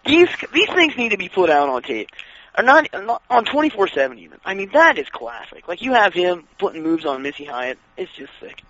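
A man in casual chat, excitedly telling wrestling stories and acting out what others said. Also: high-pitched, a little fast. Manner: excitable, acts out quoted voices, laughs while telling. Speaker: wrestling fan guest. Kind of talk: casual chat, animated storytelling. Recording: dull lo-fi radio sound.

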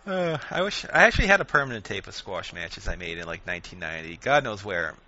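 A man's voice: deep voice, big pitch swings, fast talker, pushed and bright. A man chatting casually, with short laid-back asides and laughs. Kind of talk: casual chat. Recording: dull lo-fi radio sound.

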